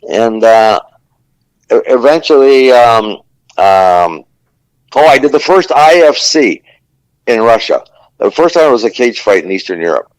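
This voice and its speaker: Speaking unhurriedly with long pauses, a man of medium pitch and lively intonation recalls fights from his days as a ring announcer. His podcast storytelling is casual and rambling, thick with fillers and swearing, on a dry, poor recording.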